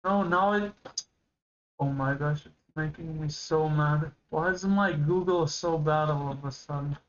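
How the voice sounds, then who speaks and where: A man's voice: fairly high pitch, a little slow, highs cut off. Rambling teenage male streamer. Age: late teens. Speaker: livestreamer reacting to a video. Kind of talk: casual rambling chat.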